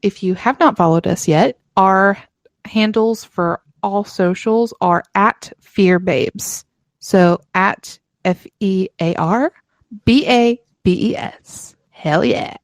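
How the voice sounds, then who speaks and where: A chatty woman with a Southern US accent co-hosting a podcast in casual chat. She speaks at an unhurried pace, often giggling, and the recording is dry and close. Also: medium pitch, no echo. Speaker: podcast co-host.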